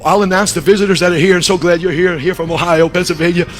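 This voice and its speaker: A middle-aged man preaching a sermon through a long personal story, animated, dropping low and then shouting. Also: fast talker, soft background music. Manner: animated, shifts from hushed to shouting.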